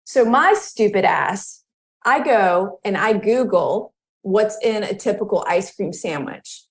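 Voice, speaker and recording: A woman in her thirties, a podcast guest, telling a personal story in casual chat and acting out the quoted voices with lively jumps in pitch. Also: slow pace. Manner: animated, acts out quoted dialogue with pitch jumps.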